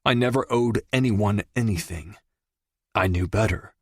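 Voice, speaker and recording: Man reading a dark crime story, slow and dramatic, dry sound. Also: on the low side, breathy edge, dry recording. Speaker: audiobook narrator. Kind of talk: scripted first-person crime narration.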